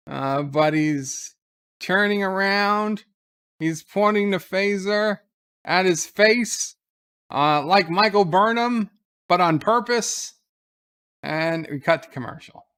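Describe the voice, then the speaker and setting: A man's voice: a little high, takes it slowly, smooth. A man hosting a live episode commentary, casually retelling the scenes and quoting the characters' lines in his own voice. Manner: excited play-by-play of the scene.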